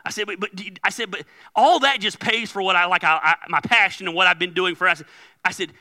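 Man, pastor, high voice, very bright, chatty storytelling sermon. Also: quick pace. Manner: conversational storytelling with laughs and quoted dialogue.

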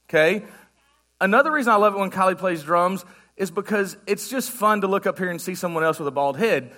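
A man preaching as a guest pastor in a church, talking to the congregation in a loose, joking way. His voice sits high and sounds bright and forward. He keeps it conversational throughout. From United States. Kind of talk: sermon. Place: church sanctuary.

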